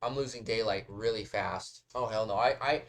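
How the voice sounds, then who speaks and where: A man's voice: lowish voice, moderate pace. A man hosting a reaction video, talking casually in a rambling, talkative way and swearing often.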